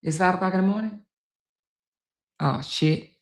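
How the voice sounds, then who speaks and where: A woman's voice: lowish voice, normal speed. A middle-aged woman hosting a casual livestream, chatty and exclamatory, talking straight to her viewers from home. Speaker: livestream host. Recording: roomy echo.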